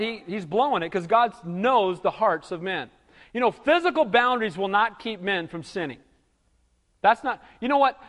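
A male pastor delivers an emphatic sermon, often turning to the congregation for agreement. His voice sits high for a man. The sound rings with the long reverb of a large hall. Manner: emphatic preaching, frequent "you know" and "Amen?".

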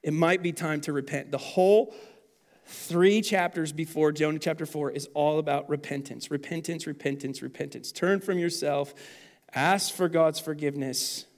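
A man in his thirties preaching a sermon as pastor, animated and then dropping to quiet intensity. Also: fairly high pitch.

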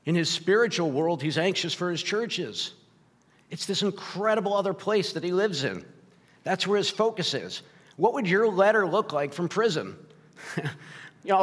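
A man's voice: sits high, expressive, moderate pace, fairly bright tone. A man preaching a sermon in a conversational style, asking "right?" often and growing emotional at points. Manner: emotional, gets choked up and laughs. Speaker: pastor. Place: church sanctuary. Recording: long hall reverb.

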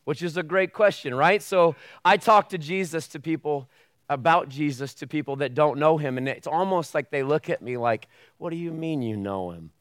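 A man preaching a sermon in a church, opening with a hushed, earnest prayer and then talking casually and acting out the voices he quotes. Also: on the high side, normal speed, clear, resonant tone, no echo, studio quality. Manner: hushed, earnest tone while praying. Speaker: pastor. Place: church sanctuary with a video screen.

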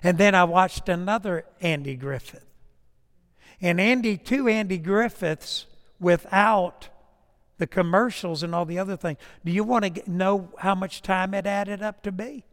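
A man preaching a sermon as pastor, with a slow, emphatic cadence that drops to a soft storytelling voice. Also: sits high. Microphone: lapel or stage mic. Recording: long reverb in a church hall, crackling mic.

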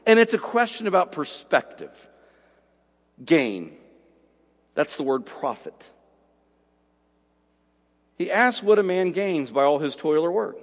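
A man preaching a sermon, moving between hushed storytelling and slow, emphatic declarations. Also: high voice, big-room sound. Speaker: pastor. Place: church sanctuary.

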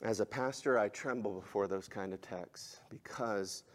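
A male pastor preaching a sermon, swinging between loud, emphatic exhortation and hushed, soft passages. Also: lowish voice, moderate pace.

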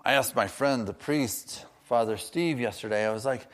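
An earnest man delivering a sermon at a middle pitch. He draws out key words for weight, then slips into easy, conversational asides. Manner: earnest, slows down for emphasis, chatty asides. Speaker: preacher.

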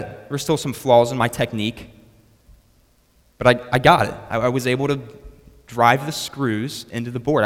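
A man's voice: mid-range voice, a bit bright. A young man preaching a sermon that is built around a personal story, with a storytelling manner and frequent restarts on his words. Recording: long reverb of a hall.

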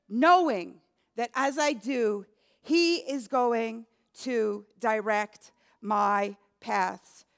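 A woman preaching a sermon in an earnest, emphatic way, speaking prayers aloud as examples. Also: on the high side.

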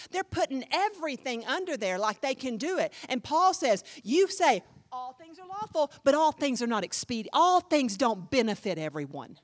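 Woman pastor, high voice swinging all over the place, punchy conversational preaching. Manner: emphatic, conversational preaching with sudden jumps in volume. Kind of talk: sermon teaching.

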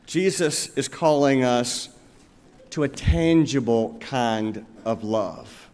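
A male pastor preaching a sermon, telling stories and slowing down to stress his points. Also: medium pitch, animated, darkish tone. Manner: storytelling, emphatic, with slow pointed phrases. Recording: long reverb of a large hall.

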